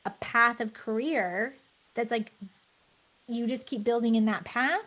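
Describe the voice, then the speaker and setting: A woman guest on a relaxed podcast speaks in a slightly high voice, reflective and unhurried. She pauses on fillers as she works her way through ideas; she's a fascial stretch therapist and creator.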